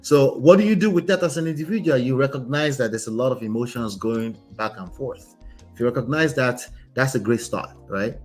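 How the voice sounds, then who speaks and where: A man talks through a relationship story as a coach. His voice sits at a middling pitch, and he speaks with steady emphasis, often closing a point with a quick "right?". Faint music plays underneath. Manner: emphatic, tags lines with "right?". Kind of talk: commenting on a story he reads aloud.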